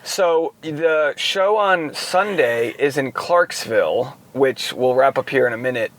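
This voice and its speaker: A man's voice: mid-range voice, unhurried, fairly bright tone, dry recording. A man, a comedian and podcast host, chatting casually and playfully in a car, rambling with frequent laughs. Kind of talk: casual chat while driving.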